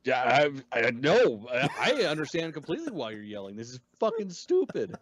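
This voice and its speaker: Lively-voiced man on dry, muffled audio. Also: mid-range voice, moderate pace, dry recording. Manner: laid-back, profane, agreeing. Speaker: podcast co-host. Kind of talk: casual review chat.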